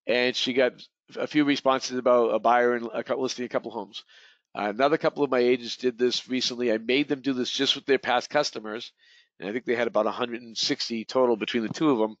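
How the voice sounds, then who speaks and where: A man's voice: mid-range voice, fairly even intonation, fast talker, no echo. A man leading a real estate training webinar, talking in a rambling way with many restarts and repeated words. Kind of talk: webinar presentation. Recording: dull, lo-fi webinar audio.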